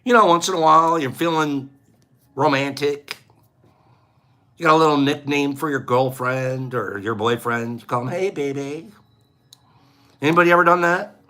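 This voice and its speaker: A man's voice: on the high side, normal speed, bright, forceful tone. A man hosting a casual livestream, chatting and joking playfully with his viewers and laughing often. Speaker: livestream host.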